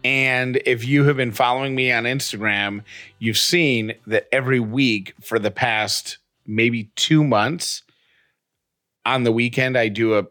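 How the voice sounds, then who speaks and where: A man in his thirties co-hosting a podcast, telling stories in a lively, animated way. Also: no echo, clean studio sound. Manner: animated storytelling, breaks into high voices for quotes. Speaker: podcast co-host. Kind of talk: casual chat.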